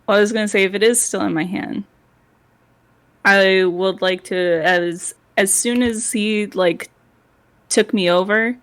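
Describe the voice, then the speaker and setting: A woman playing in a tabletop game, talking slowly and laughing often. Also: mid-range voice. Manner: slow, lively, laughs often. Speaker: player. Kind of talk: tabletop role-play chat.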